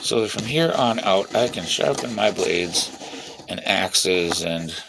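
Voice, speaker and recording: A gravelly, low-voiced middle-aged man with a drawl, talking in a loose, rambling vlog monologue. He swears freely and tells things bluntly while he tinkers with tools. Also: expressive, slow pace, noisy background. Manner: profane, blunt storyteller; talks while working with tools. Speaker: vlogger.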